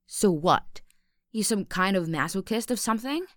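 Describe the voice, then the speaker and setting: A woman's voice: medium pitch, animated, normal speed, a bit bright, no echo, studio quality. A young woman in an audio role-play, talking to the listener as an aggressive, mocking, swearing bully.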